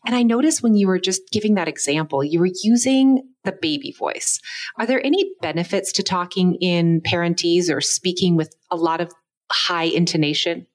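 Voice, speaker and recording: Conversational woman interviewer, lower voice. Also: normal speed. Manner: warm conversational, shares personal parenting experience. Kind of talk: interview questions.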